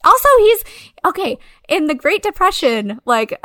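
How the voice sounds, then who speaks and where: A woman's voice: very high voice, very animated, moderate pace, sharp tone, dry recording, studio quality. A woman co-hosting a podcast, chatting casually and animatedly, swearing and laughing often. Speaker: podcast co-host. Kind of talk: casual chat.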